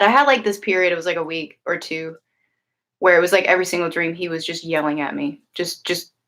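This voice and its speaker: A woman's voice: fairly low pitch, fairly bright tone. A woman hosting a casual livestream, talking earnestly and rambling with many fillers and restarts. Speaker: livestream host and tarot reader. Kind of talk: casual livestream chat answering viewers.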